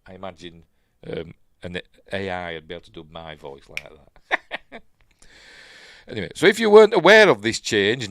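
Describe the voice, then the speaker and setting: A man's voice: lowish voice, fairly bright tone, no room sound, studio quality. A man with a Yorkshire accent hosting a casual live-stream news chat, rambling into asides and chuckling to himself.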